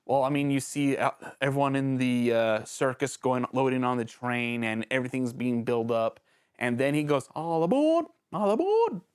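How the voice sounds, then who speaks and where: A man hosting a casual video review show, talking in an animated, jokey way that rambles and interrupts itself, with sudden jumps in pitch. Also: normal speed, smooth. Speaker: host of a villain-ranking show.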